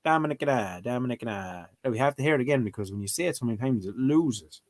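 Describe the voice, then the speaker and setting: A young Irish man vlogs casually, playful and exasperated, repeating words as he tries them out. He talks fast in a mid-range voice with lively intonation.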